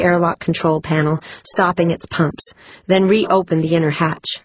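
A woman reading a story aloud as a narrator, in a steady, measured way. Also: fairly low pitch, no room sound, highs cut off. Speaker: audiobook narrator. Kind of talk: scripted narration.

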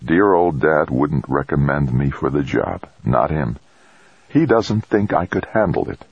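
Bitter, driven young explorer, as a man reads him, deep and husky. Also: expressive, a little slow, heavily acted. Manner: bitter, determined. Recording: dull dry lo-fi recording.

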